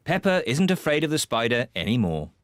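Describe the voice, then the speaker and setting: A man narrating a children's cartoon in a warm storytelling way. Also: mid-range voice, sing-song, brisk, dry recording, clean studio sound.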